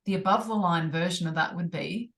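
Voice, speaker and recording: Woman cohost on a podcast, lowish voice, steady and encouraging, casual chat. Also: brisk. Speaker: podcast co-host.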